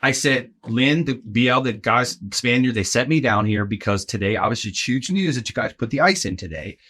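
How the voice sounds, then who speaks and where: A middle-aged man with a bright, forceful, mid-range voice tells a casual anecdote as a guest on a podcast; he works as an in-game host at an arena. He talks a little fast and animatedly, slipping into the voices of the people in his story, leaning on "like," and checking in with the host by asking "right?"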